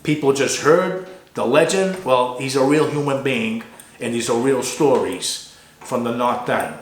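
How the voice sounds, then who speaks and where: Chatty Boston host in an echoey shop. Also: male voice, mid-range voice, unhurried. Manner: animated, chatty storyteller. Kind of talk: casual interview. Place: barber shop.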